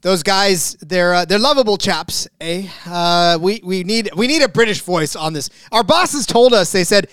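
A man's voice: high-pitched, normal speed, few pauses, a bit bright, clean tone, dry recording, studio quality. A man co-hosting a sports betting podcast in casual chat, rambling and joking, often restarting his sentences. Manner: rambling, self-correcting, jokey. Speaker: podcast co-host.

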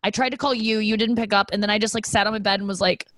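A young woman co-hosting a podcast in casual chat, telling stories and acting out quotes in a high voice. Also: racing, no echo. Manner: animated storyteller, acts out quotes in a high voice. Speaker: podcast co-host.

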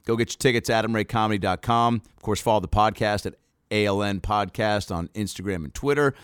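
A man's voice: fairly low pitch, quick pace, clean tone, no echo, clean studio sound. A male comedian hosting his podcast in a loose, joking way, swearing freely. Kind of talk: casual chat. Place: in Australia.

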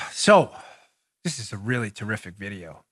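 A man hosting a political talk show, excitable and loud, with a sarcastic edge. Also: on the low side, normal speed. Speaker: podcast host.

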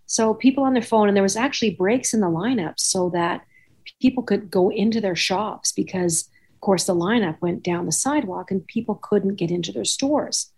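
A woman's voice: mid-range voice, moderate pace, darkish tone, slightly rough. A woman hosting a podcast, telling rambling anecdotes in casual chat and acting out the dialogue. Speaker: podcast host.

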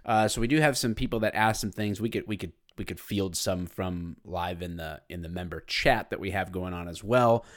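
A former police officer co-hosting a podcast speaks in a deep voice at a moderate pace, with few pauses. The chat is casual, and he laughs often while telling stories in an animated way.

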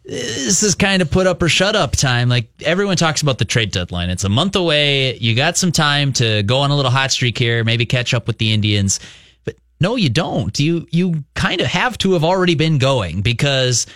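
A man's voice: medium pitch, expressive, normal speed, fairly bright tone, dry recording, clean studio sound. Analytical man on sports radio. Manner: analytical, talks in long explanatory runs. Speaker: baseball reporter guest. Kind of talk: casual sports radio chat.

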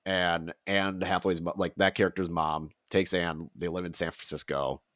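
A man co-hosting a podcast, talking loosely and laughing often. His voice sits very low. The sound is dry and close, with no room in it. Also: level tone, moderate pace, a bit bright, dry recording. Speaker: podcast co-host. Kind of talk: casual chat.

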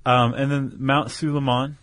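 A man's voice: medium pitch, slow, dry recording. A man co-hosting a podcast, chatting casually and laughing easily. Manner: relaxed, conversational, laughs easily. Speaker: podcast co-host.

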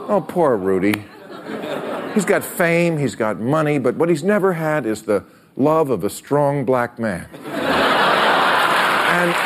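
Animated man doing a comic monologue. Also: a little high. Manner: punchy, laughing at his own jokes. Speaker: late-night talk show host. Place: television studio with live audience. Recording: studio audience and room noise.

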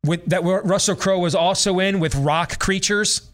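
A man's voice: high-pitched, normal speed, a bit bright. A middle-aged man hosting a talk show, giving a sarcastic, exasperated and emphatic rant about a film. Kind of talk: opinionated movie-review rant.

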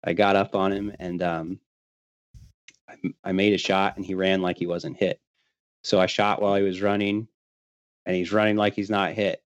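A man's voice: low voice, level tone, moderate pace, long pauses, no room sound, muffled recording. A man telling a long hunting story in a casual way, laughing often and acting out what his friends said.

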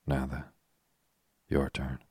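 A man's voice: a bass voice, completely flat delivery, dark tone, husky, no echo, studio quality, exaggerated voice. A man reading the lines of a frank, spirited young woman who is restless and short of money, in a chatty, blunt manner. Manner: chatty and blunt, quick to exclaim.

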